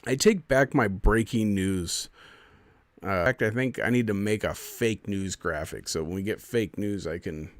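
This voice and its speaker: Low-voiced guy on his stream reading a fact check and ranting back at it, sarcastic, dry close mic. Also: a little slow, no room sound. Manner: indignant, sarcastic running commentary. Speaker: live stream host.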